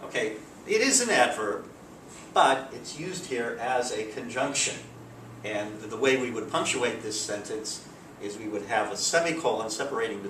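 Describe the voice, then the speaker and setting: A man teaching a grammar lesson in a relaxed, explanatory way with frequent fillers, recorded from a distance. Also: on the low side. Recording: roomy, distant mic, faint background hiss.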